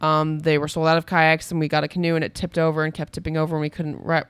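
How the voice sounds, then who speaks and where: A woman's voice: low voice, completely flat delivery, fast, clean tone, dry recording. Woman, podcast co-host, casual chat, inquisitive, dry sound. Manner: curious, asks questions.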